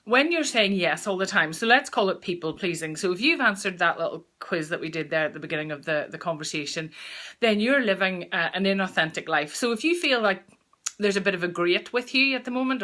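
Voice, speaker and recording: A woman's voice: on the low side, bright, forceful tone. A woman giving a live-streamed mindfulness talk, chatty and direct with viewers, often restarting her phrases. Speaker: mindfulness coach presenting a weekly talk.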